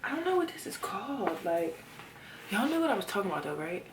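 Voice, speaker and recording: A woman in her twenties vlogging casually from her bedroom, expressive and talking straight to her viewers, sometimes dropping to a whisper. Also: medium pitch, fast, background noise. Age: 20s. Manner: expressive, talks to viewers as y'all, drops into whispers. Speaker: lifestyle vlogger. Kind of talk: casual chatty vlog talk to the camera. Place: bedroom at home, indoors.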